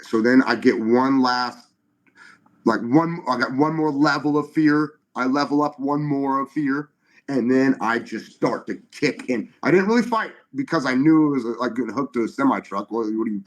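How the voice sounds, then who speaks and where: Middle-aged man, mid-pitched and conversational, giving an animated and halting testimony full of restarts. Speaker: guest.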